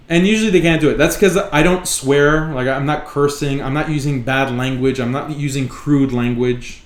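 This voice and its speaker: A man's voice: medium pitch, fairly even intonation, normal speed, hardly any pauses. Emphatic man in an echoey room. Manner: emphatic, repeats points for stress. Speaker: host of a live online talk show. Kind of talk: live solo commentary.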